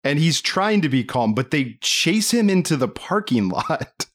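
A man co-hosting a podcast, talking through a movie in casual chat, animated and incredulous, laughing often. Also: a little high, unhurried. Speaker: podcast co-host.

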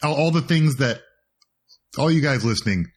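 A man's voice: a little high, expressive, moderate pace. A man co-hosting a podcast in casual chat, joking and laughing often. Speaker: podcast co-host.

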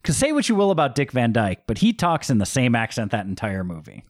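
Brief: male podcast co-host, emphatic, animated pitch, dry close sound. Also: fairly quick, no room sound. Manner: emphatic, conversational, frequent fillers. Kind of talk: casual movie review chat.

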